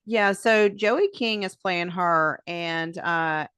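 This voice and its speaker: A woman's voice: on the low side, slow pace, a bit bright, clear, resonant tone, no echo, clean studio sound. A woman co-hosting a podcast, chatting casually and thinking aloud with many fillers. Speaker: podcast co-host. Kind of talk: casual chat.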